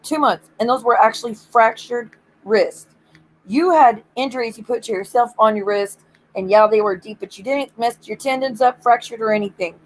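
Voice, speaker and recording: A woman's voice: on the high side, moderate pace, rough recording. A woman streamer ranting bluntly and swearing in casual stream chat.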